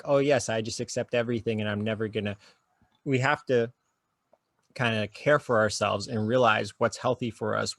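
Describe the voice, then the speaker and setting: Man, therapist, soothing guided talk, gravelly voice, dry close sound. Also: fairly low pitch, no echo. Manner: slow soothing guided instructions. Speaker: guest therapist. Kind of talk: calm guiding conversation.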